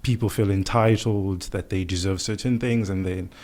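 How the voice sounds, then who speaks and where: Man, low-ish pitch, calm, explains step by step, podcast guest doctor. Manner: calm, measured, explanatory, many "you know"s. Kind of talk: radio podcast interview.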